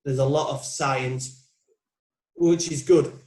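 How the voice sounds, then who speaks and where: A man's voice: mid-range voice, steady tone, slow, darkish tone. A man in his forties, a putting coach being interviewed, talking casually and reflectively, thinking aloud with frequent restarts. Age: 40s. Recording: roomy, echoey sound.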